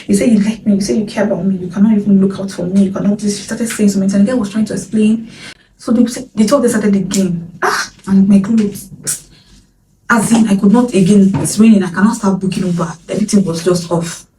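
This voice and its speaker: A woman's voice: mid-range voice, fairly even intonation, fast talker, mellow, a little hiss or hum. A young Nigerian woman telling a personal story in a candid, dramatic way, dipping into whispers. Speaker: vlogger. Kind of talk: storytime vlog. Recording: roomy echo, distant from mic, faint ambience.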